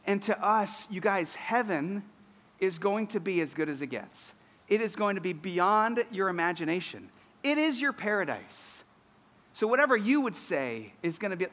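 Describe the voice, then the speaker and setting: A man's voice: high-pitched, fairly bright tone, big-room sound. A man in his thirties preaching a sermon as a pastor, earnest and building to emphatic declarations.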